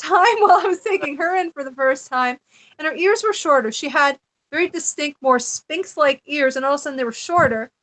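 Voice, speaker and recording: A middle-aged woman with a high voice shares a personal story in a casual podcast chat. She is animated and chatty, laughing often as she goes. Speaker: podcast guest.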